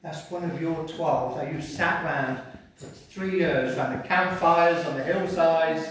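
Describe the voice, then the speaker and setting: Male preacher, dramatic sermon delivery, slightly high voice, heard from afar in a reverberant hall. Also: a little slow. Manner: dramatic, swings from hushed to loud. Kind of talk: sermon with scripture reading. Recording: echoey hall picked up from a distance.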